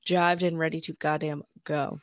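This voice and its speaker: A young woman co-hosting a podcast, retelling scenes in a profane, animated, laughing way. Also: low-pitched, moderate pace. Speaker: podcast co-host. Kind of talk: casual chat.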